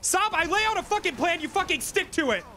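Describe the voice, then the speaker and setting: A man playing a shouty profane crime boss. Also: extremely high pitch, animated, very fast, a little hiss or hum. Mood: furious. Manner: profane, bossy, yelling orders. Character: bossy hot-headed male crime boss. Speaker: gang boss in role-play. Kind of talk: game role-play chat.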